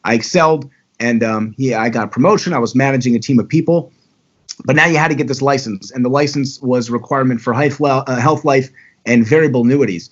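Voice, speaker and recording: Appearing as a podcast guest, a man tells his own story in easy, talkative chat, speaking fast at an ordinary middle pitch. The audio sounds dull and lo-fi.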